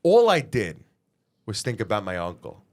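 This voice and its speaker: A man, a singer being interviewed, telling his story in a lively way, swearing freely and acting out what people said. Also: lowish voice, normal speed. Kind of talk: animated storytelling.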